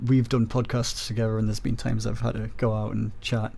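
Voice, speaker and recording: Northern English man, gravelly creaky voice, understated, casual stream guest. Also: lowish voice, flat delivery, brisk, dark tone. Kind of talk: casual livestream chat.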